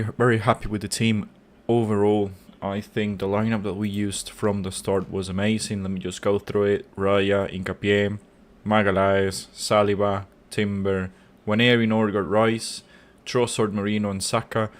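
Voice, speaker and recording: A man hosting a football fan channel, giving a live match reaction and ranting angrily with lots of swearing and repeated words. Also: lowish voice. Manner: angry, swearing rant.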